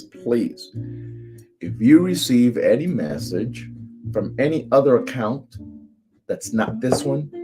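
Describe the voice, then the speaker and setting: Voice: medium pitch, darkish tone. A spiritual coach from Cuba giving a live tarot reading, emphatic and chanting repeated phrases.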